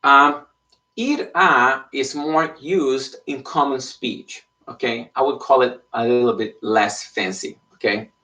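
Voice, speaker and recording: In a slow, sharp-toned voice of medium pitch, a man gives an online Spanish lesson in English. He explains patiently, often checking in with "okay?", and his voice sounds a bit far from the mic.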